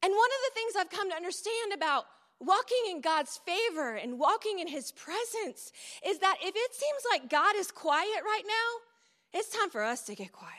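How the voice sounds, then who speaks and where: At a church event, a middle-aged woman preaches in a chatty, story-driven way, addressing asides to her listeners. Her voice is very high and a bit bright, echoing with long hall reverb.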